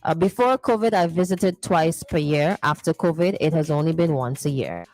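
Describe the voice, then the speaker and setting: A woman's voice: low-pitched, expressive, moderate pace, a little mellow, dry recording, soft background music. A woman hosting a morning radio show, playfully reading listener messages and teasing them. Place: radio studio.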